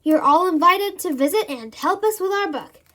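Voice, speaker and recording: A woman's voice: extremely high pitch, lively intonation, normal speed, fairly bright tone, distant mic, slight background noise, voice pushed up. A woman voicing a practical young male storyteller while reading a children's book aloud. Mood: matter-of-fact.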